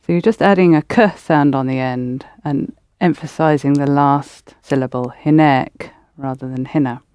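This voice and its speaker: A woman's voice: very deep voice, moderate pace, a little mellow, clean tone, dry recording. A woman teaching a language lesson, patiently prompting students and correcting their pronunciation.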